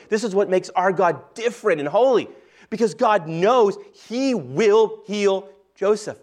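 A man preaching a sermon, reading scripture aloud and slowing down and softening his voice to stress key points. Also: high voice. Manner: earnest preaching, slows and softens for emphasis. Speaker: pastor.

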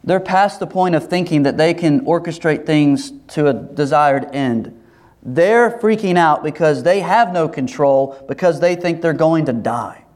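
Man preaching, animated sermon delivery, voice a bit higher. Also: measured pace. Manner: animated, acts out quoted voices, laughs. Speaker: pastor.

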